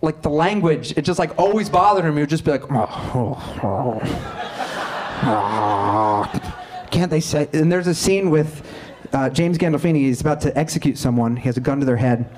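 A man telling comic stories as a guest comedian, animated and laughing as he goes. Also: fairly high pitch, fast talker, hardly any pauses. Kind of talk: comic storytelling.

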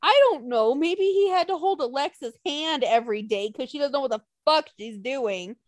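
A young woman rants through a casual podcast chat, cursing freely and slipping into mocking quotes. Her voice sits high and swings widely in pitch, and it is recorded dry and close. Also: normal speed, no echo. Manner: animated, profane ranting with mocking quotes. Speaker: podcast co-host.

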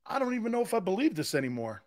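A man hosting a sports talk show, delivering an excitable, emphatic monologue that swings between shouting and low asides. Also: very fast.

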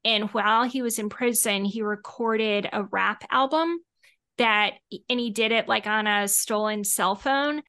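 Bright gravelly-voiced woman co-host. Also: a little high, measured pace. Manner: earnest, promotional. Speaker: podcast co-host. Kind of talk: casual podcast chat.

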